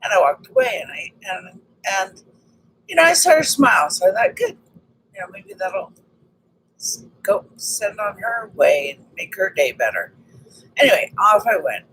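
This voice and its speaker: A woman telling a personal story in a casual monologue, animated and acting out the conversations she had. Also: mid-range voice, moderate pace, long pauses, slight background noise, rough recording. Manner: animated, re-enacts conversations, frequent restarts.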